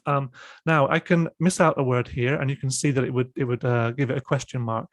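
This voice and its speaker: A man presenting and demonstrating software in an online panel discussion, explaining step by step with many fillers and restarts. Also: medium pitch, fairly even intonation, fairly quick, no echo.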